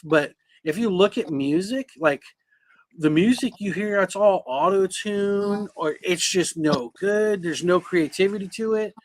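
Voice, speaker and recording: A middle-aged man gives his opinions in a casual podcast chat, often stumbling over repeated words as he starts a thought. His voice is a little high and very bright, and it is recorded dry and close. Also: no echo. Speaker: podcast co-host.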